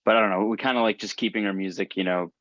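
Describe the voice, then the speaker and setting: A young man with a very low voice talks in a relaxed, rambling way, full of fillers. The recording is dry and somewhat dull. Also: rapid-fire, no echo. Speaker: band member. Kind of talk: casual interview chat.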